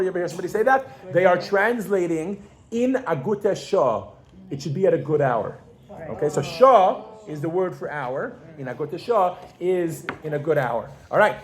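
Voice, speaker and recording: A pregnant woman teaching Yiddish to a class, animated and casual, quizzing her students with frequent questions. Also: on the low side. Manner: casual, with fillers and restarts. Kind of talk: classroom language lesson.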